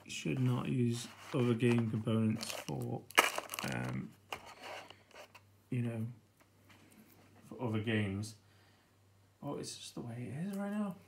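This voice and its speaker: Slow, gravelly British man unboxing. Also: mid-range voice, a little hiss or hum. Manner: chatty and easily excited, laughing to himself. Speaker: board game unboxing host. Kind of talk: casual unboxing commentary.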